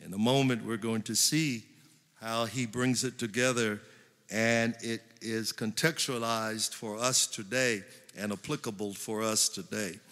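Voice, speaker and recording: A man pastor preaching a sermon, building to emphatic slow stresses. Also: lowish voice, steady tone, a bit bright. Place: large church hall. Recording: long church hall reverb.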